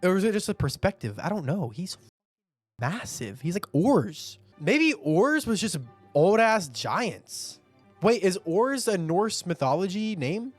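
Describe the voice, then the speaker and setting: A man reacts to a comic in casual, profane commentary. His pitch swings widely as he talks, and faint music plays underneath. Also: measured pace, dry recording. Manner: animated, swearing, laughing asides. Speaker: manga reaction host.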